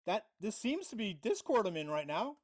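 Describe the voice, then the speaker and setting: Livestream host, drama commentary, lively pitch, mid voice, mocking, confrontational. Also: normal speed. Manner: reads out chat messages.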